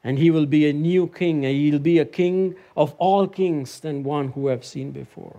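A man preaching a sermon, telling a personal story and building to emphatic, lively peaks. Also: fairly high pitch, normal speed. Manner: animated, climbs to emphatic heights when storytelling and preaching.

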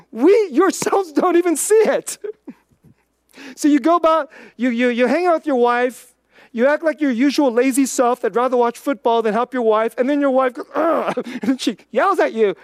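A preacher giving an informal, conversational sermon, chatty and full of "like", swinging between quick bursts and slow, quiet emphasis. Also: high-pitched, no room sound, clean studio sound.

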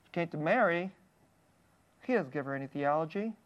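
Earnest preacher with soft, hushed drops. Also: mid-range voice, animated, fairly quick, highs cut off. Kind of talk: sermon with scripture reading.

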